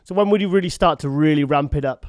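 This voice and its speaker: A man hosting a casual interview, chatty and quick to laugh. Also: a little high, darkish tone, dry recording, clean studio sound. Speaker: host. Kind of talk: casual chat.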